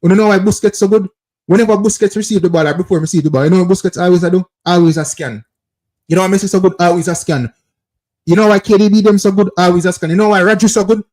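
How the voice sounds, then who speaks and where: A man's voice: sits high, steady tone, fast, darkish tone. A man with a Jamaican accent hosting a football call-in show, insistently breaking down plays over footage and calling out to viewers. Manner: repetitive, insistent, keeps addressing viewers as people.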